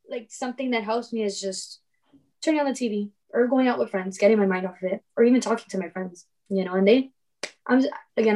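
A woman's voice: mid-range voice, a little mellow. A young adult woman telling stories in casual conversation as a podcast guest, laughing often and acting out quoted dialogue.

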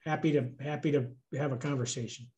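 A man speaking as guest on a video call, relaxed and reassuring. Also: medium pitch, quick pace. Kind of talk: casual video-call chat.

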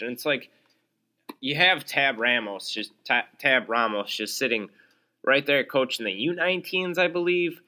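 A man's voice: medium pitch, normal speed, pushed and bright. A young man hosting his own podcast alone, ranting in an exasperated, sarcastic way with lots of fillers and restarts. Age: young adult. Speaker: podcast host.

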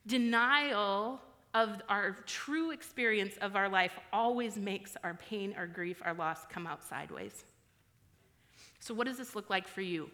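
A woman's voice: mid-range voice, a little slow, bright, forceful tone, in a large hall. A woman giving a candid personal sermon in a frank, conversational, self-deprecating way. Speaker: church speaker.

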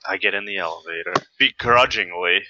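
Male tabletop player, grumbly teasing manner, low bright voice, faint noise. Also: very animated, fairly quick, vocal fry, muffled recording. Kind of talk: tabletop game chat.

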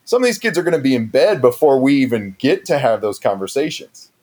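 A man's voice: mid-range voice, animated, fairly quick, darkish tone, close to an everyday voice. A man playing an earnest political candidate who hedges, leans on fillers and turns sappy. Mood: hedging. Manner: hedging, filler-heavy, sappy. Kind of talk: improvised comedy interview.

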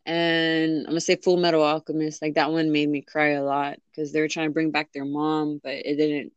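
Young woman rambling in a relaxed chat, lots of likes and ums, dry close sound. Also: low voice, moderate pace, clear, resonant tone, no echo, dull audio. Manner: rambling, many fillers and restarts. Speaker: interviewee. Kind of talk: casual chat.

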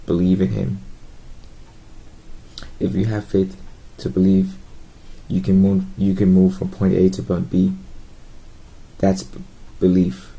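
Male preacher, earnest and halting, dark mellow gravelly voice. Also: sits low, completely flat delivery, poor audio. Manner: earnest, halting, with frequent fillers and restarts. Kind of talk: informal gospel sermon to camera.

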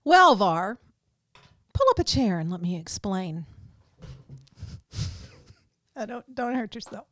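A woman's voice: mid-range voice, very animated, takes it slowly, long pauses, a bit bright, dry recording, studio quality. A woman co-hosting a casual chat podcast, joking and laughing often. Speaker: podcast co-host.

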